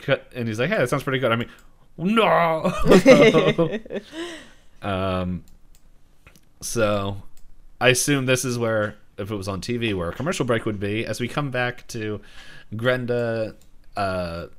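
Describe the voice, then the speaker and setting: A man's voice: mid-range voice, sing-song, takes it slowly, pauses often. A man co-hosting a podcast, casually recapping a cartoon episode, rambling, laughing often and acting out quotes. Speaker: podcast co-host.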